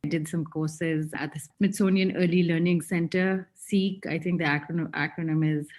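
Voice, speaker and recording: A woman's voice: low voice, fairly even intonation, moderate pace, a little mellow. A woman in her thirties, a stay-at-home mom appearing as a podcast guest, who talks in an earnest, eager and slightly rambling way. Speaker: guest, museum-going mom. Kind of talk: podcast interview.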